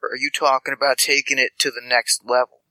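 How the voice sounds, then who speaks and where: A man's voice: medium pitch, flat delivery, fast talker, pushed and bright, dry recording, low-quality recording. A man voicing a friendly, scatterbrained male street informant who stammers and rambles. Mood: rambling.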